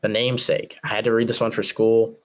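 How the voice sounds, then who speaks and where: A man's voice: fairly low pitch, little pitch movement, fairly quick. A teenage boy casually ranking books he has read, sarcastic and rambling, with lots of fillers. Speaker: book reviewer. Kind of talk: casual vlog chat.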